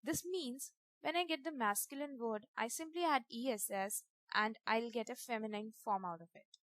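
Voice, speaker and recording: A woman, teaching a grammar lesson over slides in a methodical way, spelling out letters and repeating examples slowly. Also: fairly high pitch, fairly bright tone, no echo.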